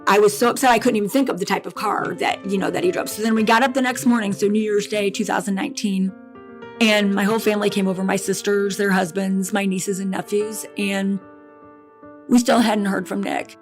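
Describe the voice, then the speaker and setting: A middle-aged woman telling a painful personal story in a podcast interview, halting and emotional, with restarts and repetition. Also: medium pitch, steady tone, soft background music. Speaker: bereaved mother guest.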